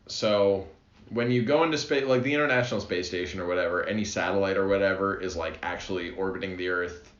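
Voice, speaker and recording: A man's voice: low voice, fast talker. A man co-hosting a podcast, chatting casually and laughing often as he explains history. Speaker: podcast co-host. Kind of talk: casual chat. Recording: roomy, dull lo-fi recording.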